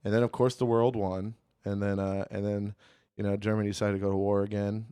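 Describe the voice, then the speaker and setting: A man's voice: lowish voice, little pitch movement, fairly quick, mellow, clear, resonant tone, no echo. A young man co-hosting a comedy podcast, rambling and joking, swearing freely into a studio mic. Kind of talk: casual chat. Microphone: studio mic with headphones.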